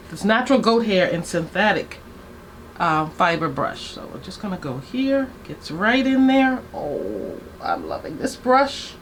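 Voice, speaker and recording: A woman in her sixties chatting to viewers while doing her makeup, excitable and gushing about her products. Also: medium pitch, a little hiss or hum. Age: 60s. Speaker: beauty vlogger. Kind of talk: get-ready-with-me makeup chat.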